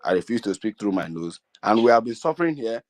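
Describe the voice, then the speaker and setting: Earnest Nigerian man, low dry voice. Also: very animated, quick pace, a little mellow, no room sound. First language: Igbo. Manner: earnest, repetitive, pleading. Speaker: community speaker. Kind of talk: speaking to an online meeting.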